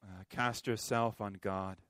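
A man preaching a sermon as a pastor, impassioned, with sharp swings from loud to quiet. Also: lowish voice, steady tone, measured pace, clean tone, no room sound, studio quality.

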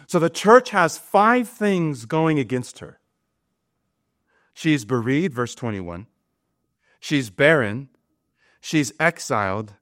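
Slow, emphatic male preacher, dry sound. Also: mid-range voice, sing-song, fairly bright tone, dry recording. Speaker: pastor. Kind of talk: sermon.

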